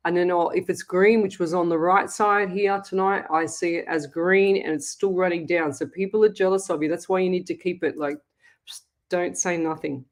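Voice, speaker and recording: A middle-aged Australian woman, a psychic medium hosting a live call-in show, talking in a chatty, blunt and scolding way. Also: lowish voice. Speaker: psychic medium radio host. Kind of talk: live call-in reading, casual chat.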